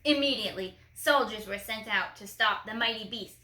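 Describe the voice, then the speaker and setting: A woman reading a children's picture book aloud, lively with playful asides. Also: mid-range voice, moderate pace, slight background noise. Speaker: storyteller. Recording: echoey room.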